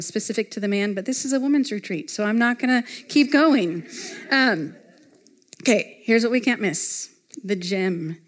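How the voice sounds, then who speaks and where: A woman speaking to a live audience at a retreat, teaching in a casual, conversational way with many fillers and reading scripture aloud. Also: mid-range voice.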